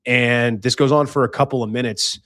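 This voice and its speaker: A man's voice: medium pitch, steady tone, moderate pace, a bit bright, no room sound, clean studio sound. A young man hosting a podcast, giving life advice in a blunt casual monologue, swearing freely and acting out voices. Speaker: podcast host.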